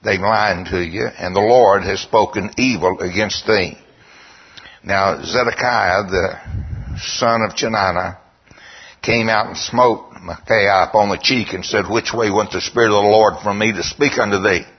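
A man preaching a sermon, telling stories and reading scripture slowly in a lowered voice. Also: breathy edge. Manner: storytelling, quoting scripture in a slow, lowered voice. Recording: dull lo-fi recording.

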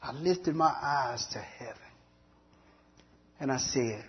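A man telling his personal testimony in an earnest storytelling way, with long pauses and repeated words. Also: mid-range voice, breathy edge, highs cut off. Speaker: testimony speaker.

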